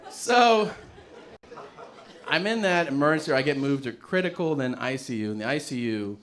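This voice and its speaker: A man telling a stand-up story in an animated, profane way, laughing through it. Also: medium pitch, normal speed, a faint crowd. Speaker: stand-up comedian.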